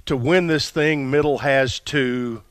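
A man hosting a radio talk show, reading schedules and plugs in a brisk announcer way. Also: medium pitch, smooth, no room sound.

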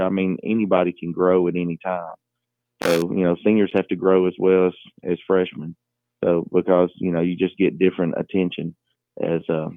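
A middle-aged man, a high school basketball coach, talking in a phone interview with many fillers and restarts. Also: no echo. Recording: tinny phone line.

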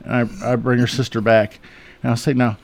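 A man's voice: mid-range voice, flat delivery, fairly quick, creaky. A man, an eye surgeon guest in a radio studio, telling funny patient stories in a folksy, chuckling way. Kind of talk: relaxed anecdotal storytelling.

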